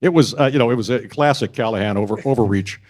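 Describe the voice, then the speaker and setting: An older man and broadcast journalist telling stories at a press club event, halting often and restarting his sentences. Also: medium pitch, a little mellow. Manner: halting, with many restarts and fillers.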